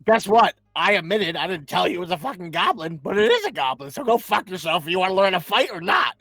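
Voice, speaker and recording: Brash swearing man, lively high voice. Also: quick pace, no room sound. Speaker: player. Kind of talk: in-character tabletop play.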